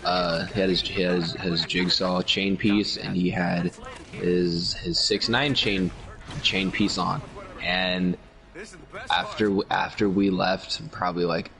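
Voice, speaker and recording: A man's voice: low-pitched, fairly even intonation, gravelly, bright, forceful tone. A young man chatting casually with a friend, telling profane, rambling stories. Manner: rambling, profane storytelling with quick impressions of others. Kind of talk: casual chat.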